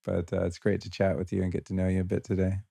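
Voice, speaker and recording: A man's voice: low voice, monotone, fast talker, gravelly, warm tone, no echo. An American man hosting a podcast interview, enthusiastic and casual, laughing often and repeating words as he talks. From United States. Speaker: podcast host.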